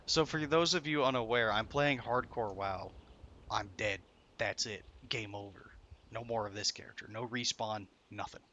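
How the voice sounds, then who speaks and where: A man's voice: fairly low pitch, normal speed, bright, forceful tone, dull audio. A young man streaming a game, swearing often and swinging between frustration and laughter. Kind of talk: live gameplay commentary.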